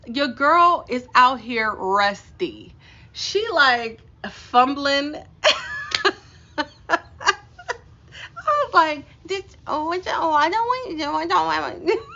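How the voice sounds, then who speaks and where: Animated laughing woman storyteller. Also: fairly high pitch, lo-fi sound. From Los Angeles area, California. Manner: animated, laughing, self-mocking. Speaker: live-stream host. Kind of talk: casual storytelling to a live audience.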